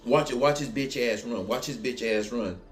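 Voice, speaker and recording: A bitter, angry woman grumbling scornfully from a back table, low and under her breath. A man with a New Orleans accent acts her out. Her words come out as resentful mutters. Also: normal speed, soft background music, natural voice.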